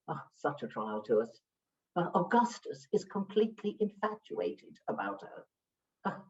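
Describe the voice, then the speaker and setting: A woman's voice: low-pitched, a little mellow, distant mic, dull audio. A woman playing a grand, gossiping duchess. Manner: grand, gossipy, theatrical delivery. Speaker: amateur stage actress. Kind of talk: stage play performance.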